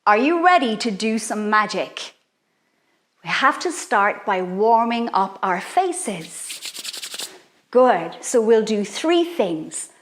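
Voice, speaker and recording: A woman leading a playful children's activity, guiding young listeners through chants and spells in an animated, sing-song way. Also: mid-range voice, slow pace. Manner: animated, sing-song, exaggerated sounds for kids. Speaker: children's workshop leader.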